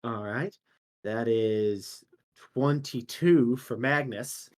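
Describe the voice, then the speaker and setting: A man narrating as dungeon master, unhurried and laughing easily, with fillers between descriptions. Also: medium pitch. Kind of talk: narrating a tabletop game.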